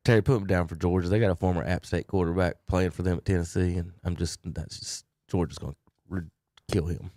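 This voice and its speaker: A man's voice: deep voice, steady tone, brisk, warm tone, dry recording, clean studio sound. A man hosting a casual sports talk show, joking and laughing as he runs through picks. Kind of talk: casual sports radio banter.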